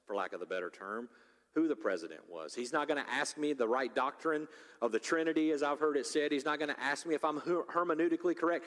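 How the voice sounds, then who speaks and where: A pastor in his forties preaching a sermon, swinging between loud urgency and hushed, intimate appeals. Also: on the high side, fast. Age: 40s. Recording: long reverb of a large hall.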